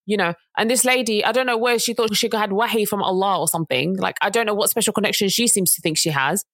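A woman's voice: mid-range voice, quick pace, a bit bright, no echo. A woman, co-hosting a casual chat and telling a story in an earnest way that rises to indignant emphasis. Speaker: podcast co-host.

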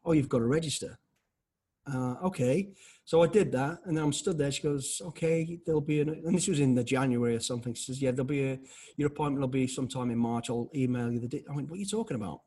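A man in his fifties, an interview guest telling blunt, animated stories full of restarts and acted-out dialogue. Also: medium pitch, quick pace, slightly rough. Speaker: interview guest, former special forces soldier. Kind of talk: casual conversational storytelling.

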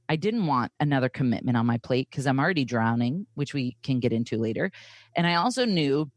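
A woman's voice: a bass voice, no room sound, clean studio sound. A woman in her thirties telling a personal story in casual chat, acting out the voices of the people in it. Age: 30s. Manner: animated, acts out quoted voices while retelling.

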